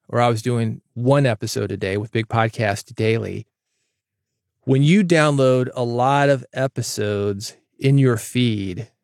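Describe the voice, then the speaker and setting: A man's voice: mid-range voice, creaky, darkish tone, no room sound. A man hosting his own podcast in a casual solo monologue, with varied, emphatic delivery, recorded in a foam-treated closet studio. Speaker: podcast host. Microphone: studio microphone.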